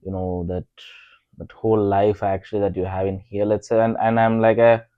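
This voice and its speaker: A young man with an Indian accent talks casually on a couples podcast, his low voice full of pauses and fillers. The sound is dry and a little dull, recorded close with no room around it. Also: level tone, smooth, dry recording. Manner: hesitant, many fillers, self-deprecating. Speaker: podcast co-host. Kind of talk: casual conversation.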